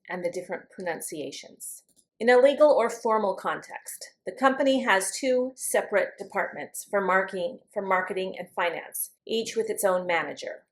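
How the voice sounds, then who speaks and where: A woman teaching English vocabulary, speaking words slowly and carefully to model their pronunciation. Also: mid-range voice. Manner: slow, careful pronunciation drills. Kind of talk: scripted vocabulary lesson.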